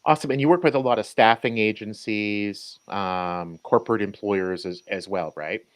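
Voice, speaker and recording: An American man co-hosting a podcast in a relaxed, upbeat way. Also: fairly low pitch, normal speed. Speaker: podcast co-host. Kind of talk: podcast chat.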